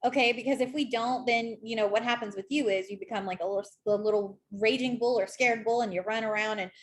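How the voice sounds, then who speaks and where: A woman in her thirties giving a casual tarot reading, chatty and animated, speaking straight to the viewer. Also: fairly high pitch, quick pace, a little hiss or hum. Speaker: tarot reader.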